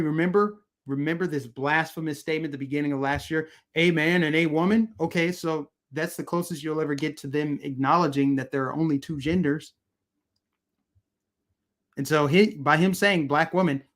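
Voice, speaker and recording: A man's voice: a little high, fairly bright tone. A man hosting political commentary on a live stream, ranting in a heated, emphatic, repetitive way and answering his chat.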